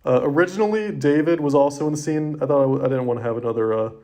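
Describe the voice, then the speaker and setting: A man's voice: a little high, very fast, warm tone. A young man co-hosting a casual podcast chat, rambling and filling his sentences with "like". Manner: rambling, heavy use of "like". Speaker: podcast co-host.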